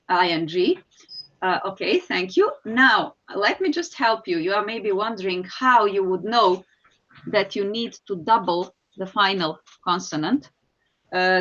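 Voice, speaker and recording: A woman's voice: medium pitch, a bit bright, dull audio. A woman teacher, patiently explaining English spelling rules in an online lesson and calling on students. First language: Serbian.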